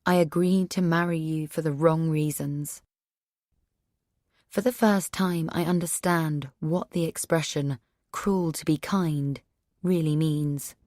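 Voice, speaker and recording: A woman narrating an audiobook in the first person, measured, subdued and sorrowful. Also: deep voice, a little mellow, no echo, studio quality.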